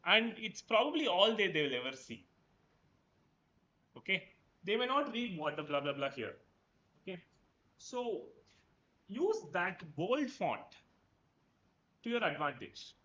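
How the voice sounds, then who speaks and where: High, lively-voiced man lecturing in a roomy hall. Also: moderate pace, pauses often, lo-fi sound. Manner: conversational, keeps asking "right?". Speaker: professor giving a talk. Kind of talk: lecture to students.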